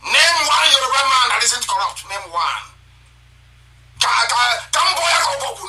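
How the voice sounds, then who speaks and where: Male broadcaster, live stream, very bright and piercing tone, heated and repetitive, laughs between lines. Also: very high voice, very animated, normal speed, distant mic, poor audio. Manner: fiery and accusatory, repeats phrases, laughs between lines.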